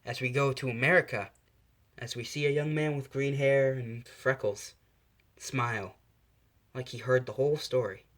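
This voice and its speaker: A man's voice: mid-range voice, fairly even intonation, moderate pace, fairly bright tone. A man casually narrating a fan story in a loose, unscripted way. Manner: loose, with fillers and restarts.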